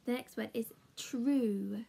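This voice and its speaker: A woman teaching a children's phonics lesson in a slow, sing-song, encouraging way, chatting with a puppet. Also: a little high, gravelly, dark tone, slightly rough. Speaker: primary school teacher.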